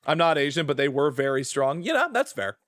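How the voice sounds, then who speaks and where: A man's voice: fairly high pitch, sing-song, fairly quick, fairly bright tone, no room sound, studio quality. A man chatting casually with viewers while streaming a game, rambling, trailing off mid-thought and laughing often. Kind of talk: casual gaming stream chat.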